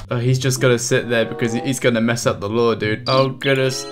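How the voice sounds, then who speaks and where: Excitable man narrating his gameplay. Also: medium pitch, fairly quick, hardly any pauses, a little hiss or hum. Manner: chatty, excitable, laughs often, self-mocking. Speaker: gaming channel host. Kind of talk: casual gameplay commentary.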